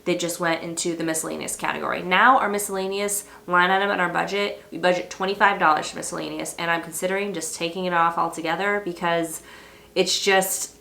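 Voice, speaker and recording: A young woman vlogs with a stuffy, nasal voice from a cold. She talks in a chatty, rambling, upbeat way, her tone bright and her pitch on the low side. The room around her gives back a clear echo. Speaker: personal finance vlogger. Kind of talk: casual talk to camera.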